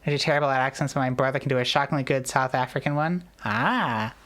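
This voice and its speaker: A woman's voice: rumbling low, little pitch movement, very fast. A woman streamer in casual chat, rambling and joking at her own expense. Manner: rambling, self-deprecating, jokey.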